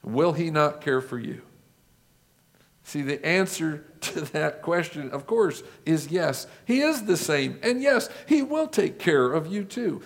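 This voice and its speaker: A man's voice: on the high side, expressive. A male pastor preaching a sermon, building his points with lists and rhetorical questions. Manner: rhetorical questions, measured listing.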